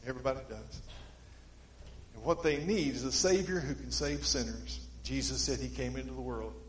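A male preacher, giving a sermon in a folksy storytelling way, swinging between emphatic stretches and quiet ones. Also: mid-range voice, normal speed, reverberant, a little hiss or hum, rough recording.

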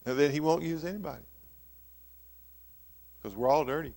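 A male preacher with a drawl delivers an earnest sermon, rising loud and then sinking to a near hush. His voice sits a little high for a man. A long reverb trails after each phrase, as in a large hall. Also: moderate pace, creaky. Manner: earnest preaching that swells loud and drops soft.

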